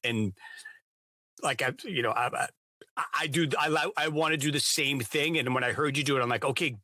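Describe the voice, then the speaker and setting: A man hosts a casual podcast chat, his voice bright and forceful. He talks with eager enthusiasm, heaping on praise. The sound is dry and close. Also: mid-range voice, normal speed, no room sound. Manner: enthusiastic, gushing. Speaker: podcast host.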